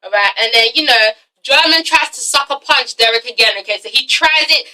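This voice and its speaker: A woman's voice: sits high, a little fast, distant mic, rough recording. A woman casually recapping a TV episode, gossipy and profane, checking in with "okay?" as she talks. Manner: gossipy, animated, swears freely, often asks "okay?". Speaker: TV episode reviewer. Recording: voice set back from the mic.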